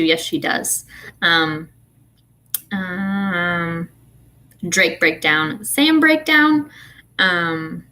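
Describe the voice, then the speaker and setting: A woman's voice: lowish voice, bright, forceful tone. A woman in her thirties, an author chatting casually with her readers, telling a story animatedly with fillers and laughs. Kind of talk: casual ranting chat.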